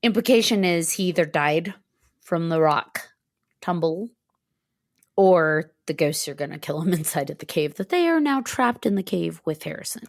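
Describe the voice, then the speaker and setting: With a fairly low, creaky voice at a moderate pace, this podcast co-host animatedly recounts a book's plot on a casual discussion show. She performs the characters' lines and keeps laughing between phrases, and the recording is clean studio sound without echo.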